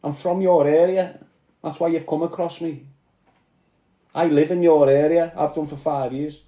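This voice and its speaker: Scouse guy ranting and swearing at chat, kinda high mellow voice, echoey room. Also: steady tone, moderate pace. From Liverpool. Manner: aggressive, swearing, confrontational. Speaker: live stream host.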